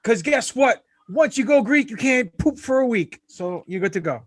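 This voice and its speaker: A man's voice: very high voice, lively intonation, moderate pace, dry recording, studio quality. A man guesting on a podcast, boasting and joking while staying in his wrestling persona. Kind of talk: casual chat.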